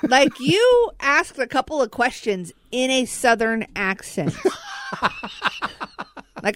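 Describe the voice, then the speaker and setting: A woman's voice: high-pitched, big pitch swings, measured pace, sharp tone. A woman from the US Midwest co-hosting a radio show, teasing her co-host and laughing often in casual banter. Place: radio studio. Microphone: studio mic.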